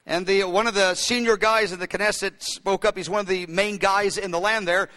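A man's voice: high-pitched, steady tone, moderate pace, bright, forceful tone. A man preaching a sermon, telling a story with many fillers and restarts. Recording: long hall reverb.

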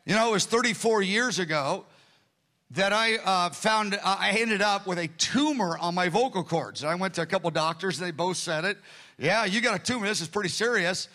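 Bright, high-pitched older man preaching. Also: normal speed. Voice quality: voice prone to strain. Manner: earnest, conversational preaching with sudden rises in pitch. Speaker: pastor. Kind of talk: sermon.

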